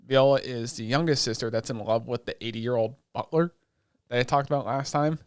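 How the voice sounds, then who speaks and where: A man's voice: mid-range voice, brisk, smooth, no echo, clean studio sound. A man co-hosting a podcast, recapping shows in a casual, profane way, with lots of fillers and acted-out quotes. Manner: animated storytelling that acts out quoted lines. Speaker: podcast co-host. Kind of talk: casual chat.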